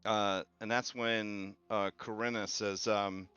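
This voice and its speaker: A man's voice: fairly low pitch, flat delivery, slow, few pauses, a bit bright, clear, resonant tone, no room sound. A man narrating a tabletop game as game master, hesitant and full of "um" and "like". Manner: hesitant, heavy on "um" and "like". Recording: slightly muffled, faint music behind.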